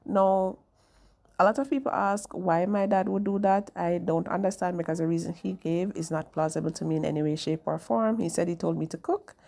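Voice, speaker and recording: A woman's voice: fairly low pitch, gravelly, mellow. A young woman, telling a personal story in a candid, chatty way to her viewers. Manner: candid, chatty, often tags "right?". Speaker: vlogger.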